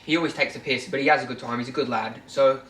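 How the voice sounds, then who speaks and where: A man's voice: medium pitch, quick pace, far from the mic, slight background noise. Man telling stories in an echoey room. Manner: animated storyteller, acts out quotes. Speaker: podcast co-host. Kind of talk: casual storytelling chat. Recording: echoey room, away from mic.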